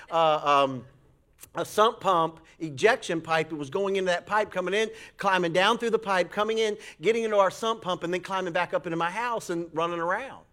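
A man preaching a sermon, telling a folksy story with animated voices for the people in it. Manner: folksy, animated storytelling with acted high-pitched quotes. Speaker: pastor.

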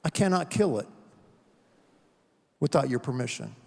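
A man voicing a calm, resolute male angel in a sermon story. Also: mid-range voice, moderate pace, vocal fry, breathy edge, big-room sound, pitched below the performer's own voice. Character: calm, firm male angel full of light.

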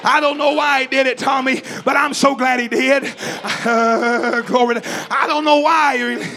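High-voiced preacher shouting his sermon in church, bright tense sound, fired up and repeating himself. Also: steady tone, measured pace. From East Tennessee. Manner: shouting, fervent, repetitive preaching cadence.

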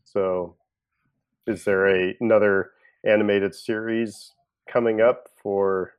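Low-voiced man musing on a podcast. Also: fairly even intonation, slow pace, smooth, highs cut off. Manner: chatty, fillers, musing aloud. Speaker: podcast co-host. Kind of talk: casual chat.

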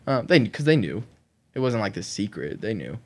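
A man as a podcast guest, telling an emotional personal story in an animated way, with frequent laughter and many "like" fillers. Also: lowish voice, moderate pace. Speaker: guest sharing his conversion testimony.

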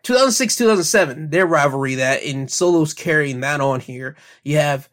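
A man's voice: a little high, normal speed, a bit bright. A young man hosting a podcast, casually recounting wrestling events with frequent fillers. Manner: recounts events in future tense, filler-heavy. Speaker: podcast host.

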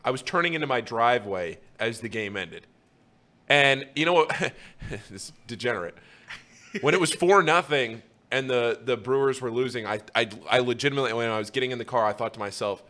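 A man co-hosting a casual sports talk show, telling stories with an excited, laughing manner. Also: medium pitch. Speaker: co-host. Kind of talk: casual sports radio chat.

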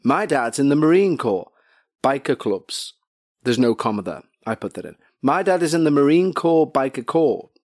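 A man's voice: medium pitch, very animated, moderate pace, darkish tone, no room sound. Jokey man hosting, dry sound. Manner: jokey, rambling asides. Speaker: podcast host. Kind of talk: casual chat and story reading. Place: home couch.

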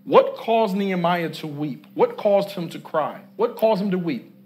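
In a church before a congregation, a man with a high-pitched voice, lively intonation, and a darkish tone preaches unhurriedly. He reads scripture, pausing to comment, and calls on the congregation to answer his repeated questions.

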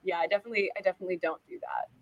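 A young woman from California chatting casually as an interview guest, quick and self-deprecating, peppering her talk with "like.". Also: on the low side, steady tone, muffled recording, slight background noise. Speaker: guest, actress and musician.

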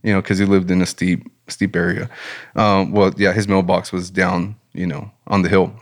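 A lower-pitched man speaks in a casual interview, telling his story with growing enthusiasm. He sounds relaxed and heartfelt, rising in pitch as he gets excited. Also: normal speed. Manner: animated, enthusiastic storyteller, relaxed and faith-centered. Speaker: business owner and guest.

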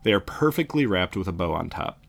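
A man casually retelling a spooky story in an animated way. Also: low-pitched, fairly quick, creaky. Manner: casual, animated, laughs along.

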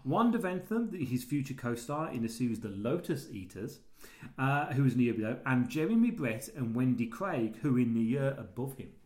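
A man's voice: mid-range voice, lively intonation, fairly quick, darkish tone. A man hosting a casual film-discussion podcast, reading out background facts with frequent fillers and hesitations. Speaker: podcast host. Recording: roomy echo.

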